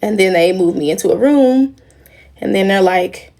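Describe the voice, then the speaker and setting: A woman's voice: mid-range voice, expressive, moderate pace, mellow. A young woman on a casual livestream, talking emotionally and in a rambling way straight to her viewers. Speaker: livestream host.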